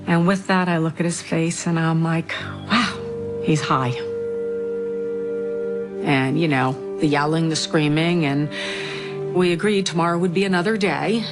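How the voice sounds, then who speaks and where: A middle-aged woman, a bereaved mother, telling her story in a documentary interview in a halting, grief-stricken way. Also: low-pitched. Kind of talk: documentary interview, personal account.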